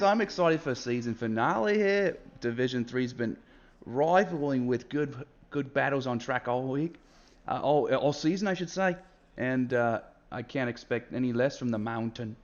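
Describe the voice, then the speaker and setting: A man's voice: mid-range voice, expressive, normal speed. An upbeat man co-hosting casual commentary on a sim racing stream. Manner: upbeat, laughing, hamming it up. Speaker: race commentator. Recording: slightly lo-fi mic.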